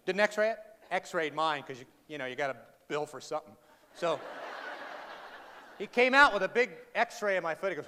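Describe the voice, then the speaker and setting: High-voiced man telling comic stories in a hall. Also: lively intonation, moderate pace, pauses often, sharp tone. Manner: dry, sarcastic, chatty with the audience. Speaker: humorous speaker. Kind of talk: comic keynote storytelling. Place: large hall with an audience. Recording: reverberant hall, faint noise.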